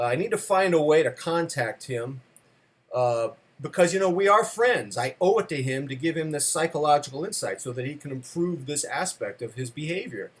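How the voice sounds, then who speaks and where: A man with a fairly high voice delivering a comic monologue. He rambles, hesitates with frequent fillers, and mocks himself as he goes. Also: husky. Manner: rambling, self-deprecating, many uh fillers. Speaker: storyteller.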